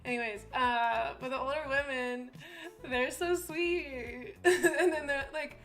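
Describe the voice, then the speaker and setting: A chatty young woman talks on her live stream, giggling often and slipping into other people's voices as she tells stories. Her voice sits a little high, with soft music playing quietly behind her. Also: unhurried. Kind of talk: casual chat on a live stream.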